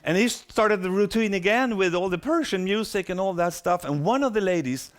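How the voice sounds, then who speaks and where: Middle-aged man, animated storyteller who acts out quotes, voice a bit high. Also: brisk. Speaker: speaker. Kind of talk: storytelling talk.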